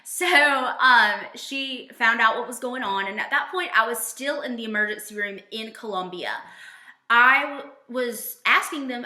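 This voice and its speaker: A young woman telling a personal story in a casual, animated way, acting out the quoted lines. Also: measured pace, echoey room. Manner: animated, voices quotes with big jumps in pitch.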